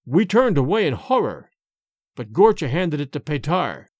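A man narrating a story in a measured, expressive way. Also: a little high, no room sound, studio quality. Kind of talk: storytelling reading.

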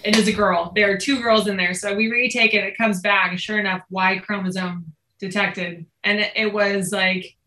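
A woman in her thirties, a podcast guest telling a family story in casual, animated conversation. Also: medium pitch, normal speed, hardly any pauses, echoey room, rough recording. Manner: animated, lots of "like", acts out quoted lines.

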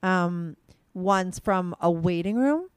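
A woman hosting a podcast in casual chat, talking fast and rambling, excited and hyper after a date. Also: on the low side, smooth, dry recording. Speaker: podcast host.

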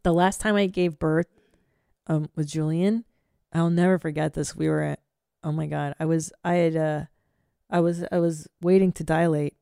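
A woman hosting a podcast, chatting casually and telling stories in a blunt, profane, animated way. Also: sits low, moderate pace, creaky, smooth, no echo, clean studio sound. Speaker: podcast host. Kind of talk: casual chat.

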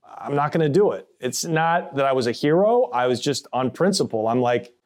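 A man's voice: medium pitch, lively intonation, normal speed, darkish tone. Blunt man telling a prison story. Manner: blunt, plainspoken, casual with swearing; acts out others' voices in quotes. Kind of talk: first-person storytelling podcast.

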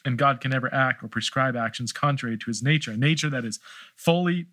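A middle-aged podcast host fields listener questions in a casual theological Q&A, talking at a quick pace in a sharp, mid-range voice. He comes across as thoughtful but hesitant, with many restarts, and there's no echo.

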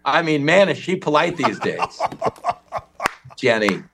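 A man as a comedian guest on a talk show, riffing with sarcastic deadpan jokes. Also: a little high, takes it slowly, creaky, slight background noise.

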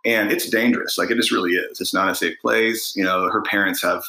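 A man's voice: on the low side, fairly quick, reverberant, poor audio. A middle-aged man, a guest singer-songwriter, telling a story in a casual interview and acting out the voices of the people in it. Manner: animated storyteller, acts out quoted voices.

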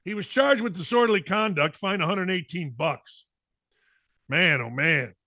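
A middle-aged man hosting a sports talk show, reading odd news stories and riffing on them in a jokey, animated way. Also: high-pitched, moderate pace, dry recording, clean studio sound.

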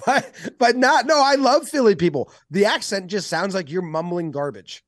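A man's voice: high-pitched, lively intonation, normal speed, no room sound, studio quality. A man co-hosting a casual sports podcast, joking around and putting on mock accents. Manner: jokey, mock accents for laughs. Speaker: podcast co-host.

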